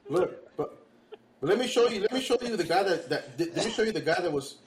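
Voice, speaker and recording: Teasing man with a slightly high voice. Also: a little fast. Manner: animated teasing, laughs while talking, acts out quotes. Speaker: podcast co-host. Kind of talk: casual group chat. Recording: faint background noise.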